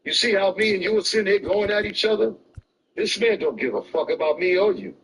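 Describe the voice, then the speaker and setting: Heated high-voiced man arguing. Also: a little fast. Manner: argumentative, repeats questions insistently. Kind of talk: heated debate. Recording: distant voice with faint background noise.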